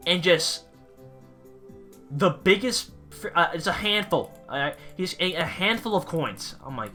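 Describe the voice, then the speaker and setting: A young man with a bright, sharp voice rambles through a storytime rant, exasperated and casual. He swears offhandedly and keeps circling back to his point, over faint background music. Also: fairly high pitch, lively intonation, a little slow. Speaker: vlogger, pizza delivery driver.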